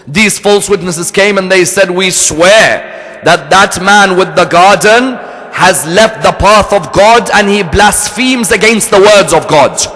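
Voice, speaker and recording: A man's voice: fairly high pitch, pushed and bright. A man preaching a sermon and telling a story, earnest and fond of rhetorical questions to his audience. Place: hall of a religious center. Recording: echoey hall.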